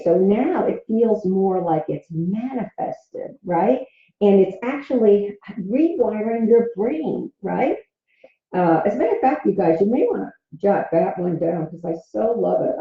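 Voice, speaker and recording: A woman dating coach giving gentle, encouraging self-help teaching and laughing often. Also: mid-range voice. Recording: roomy, dull recording.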